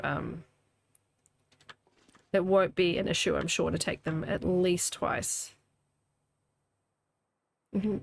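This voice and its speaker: A woman's voice: fairly low pitch, creaky, a little hiss or hum. A woman in her thirties with a New Zealand accent tinged with Scottish, chatting casually while streaming a game, laughing often and reading out chat. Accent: New Zealand with a slight Scottish tinge. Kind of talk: casual gaming commentary. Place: home room.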